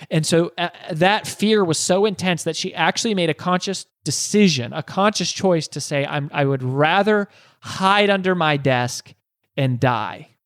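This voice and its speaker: A man's voice: fairly high pitch, dry recording, clean studio sound. A man hosting a podcast, telling a motivational story earnestly, with frequent restarts and rhetorical questions. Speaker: podcast host.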